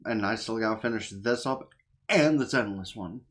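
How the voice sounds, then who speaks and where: A man's voice: lowish voice, moderate pace, a bit bright. A tired man giving casual reaction commentary as a gaming YouTuber, rambling and offhand, swearing freely.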